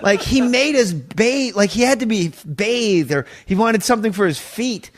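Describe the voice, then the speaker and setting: A man with a slightly high-pitched voice tells his stories in a casual chat. He gets animated, swears freely, and slips into voices for the people he quotes. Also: moderate pace. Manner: animated anecdotes, swearing, laughing, acting out quotes. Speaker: podcast guest, former sketch comedy writer.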